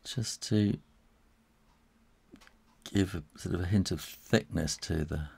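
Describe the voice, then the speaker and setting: A man's voice: low-pitched, slow, creaky, darkish tone, breathy edge. A middle-aged man, an illustrator, chatting cheerfully through a live drawing demo and reading out viewer comments, laughing often.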